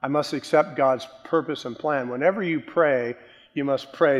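A male preacher delivers an emphatic sermon at an ordinary middle pitch. He hits some words hard and lets others sink low and soft. His voice rings with the long reverb of a large hall. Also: moderate pace, highs cut off. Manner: emphatic, swinging between loud stresses and quiet drops.

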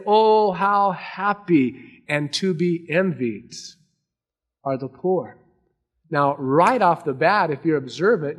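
A man preaching a sermon to a congregation, earnest, swinging between raised emphasis and hushed, quiet lines. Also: high voice. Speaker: pastor.

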